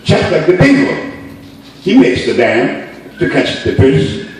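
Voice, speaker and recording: Man lecturer, storytelling talk, pitch leaping around, distant mic in a roomy hall. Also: a little slow, slight background noise. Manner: animated storyteller, laughing, playful emphasis.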